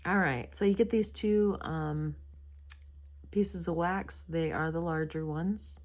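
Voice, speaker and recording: A woman hosts a crafting video, chatting rambly about a kit, hesitating often, and yawning as if sleepy. Her voice is fairly low and darkish, and she speaks slowly. It's a casual product-review chat.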